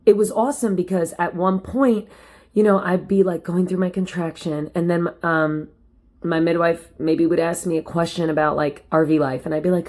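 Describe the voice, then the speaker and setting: Chatty woman with a low alto voice. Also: a little fast. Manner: chatty, animated, addresses viewers directly. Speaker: vlogger. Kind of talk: casual personal storytelling to camera. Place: at home, lit by window light.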